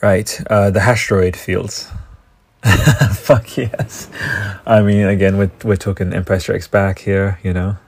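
A man's voice: sits low, little pitch movement, normal speed, few pauses, a little mellow. An Australian man hosting a solo podcast, rambling enthusiastically and swearing often. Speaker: podcast host. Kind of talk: casual solo podcast riffing.

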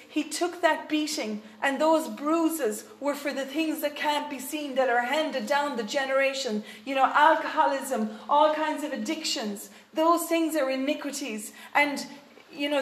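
A woman's voice: high-pitched, moderate pace, roomy sound. A woman preaching a sermon in an earnest way, with frequent fillers and restarts.

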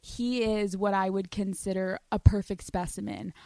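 A woman's voice: medium pitch, little pitch movement, moderate pace, vocal fry, dark tone, no echo. A woman in her twenties hosting a solo podcast, brash and profane, laughing often and slipping into put-on voices. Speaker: podcast host.

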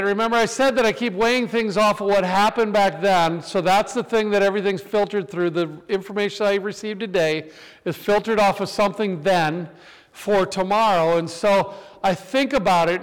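High-voiced preacher man, echoey hall. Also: moderate pace, clear, resonant tone. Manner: animated storytelling, acting out voices. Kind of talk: sermon with personal stories.

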